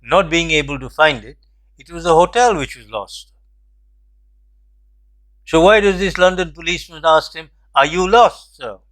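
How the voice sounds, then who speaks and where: A somewhat high-pitched older man tells a story from his past. He speaks in a measured, reflective way and pauses to make his point. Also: a bit bright. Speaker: host. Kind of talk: storytelling commentary.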